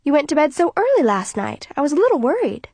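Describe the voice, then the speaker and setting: Woman playing a worried mother, scolding, high strained voice, dry close sound. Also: sing-song, fast, darkish tone, no room sound. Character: anxious mother, controlling and shrill when upset.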